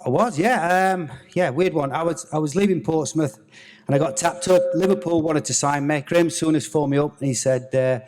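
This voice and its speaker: Bloke telling a story on stage, lots of swearing, acts out the quotes, big echoey theatre. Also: male voice, on the high side, fairly quick. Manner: swearing, animated anecdote telling with acted-out quotes. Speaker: former footballer guest. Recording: reverberant theatre hall.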